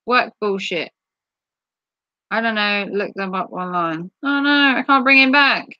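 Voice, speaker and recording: A woman hosting a casual livestream who reads viewer comments aloud, flustered and apologetic as she thinks out loud. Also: medium pitch, unhurried, no echo, muffled recording. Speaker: livestream host. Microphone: tablet device.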